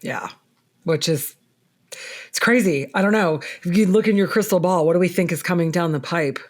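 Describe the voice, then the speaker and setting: A woman's voice: lowish voice, normal speed. Bubbly woman podcast host. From South Jersey, USA. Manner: bubbly, enthusiastic, laughs often. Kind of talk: casual interview chat.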